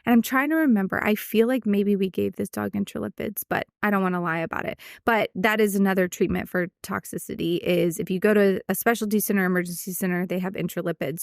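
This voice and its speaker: A woman veterinarian in her thirties chats through a podcast, explaining treatments in plain, friendly terms. Her voice sits at a middle pitch, recorded close and dry with no room sound. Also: dry recording. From United States. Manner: chatty, explanatory, laughs easily. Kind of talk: casual chat.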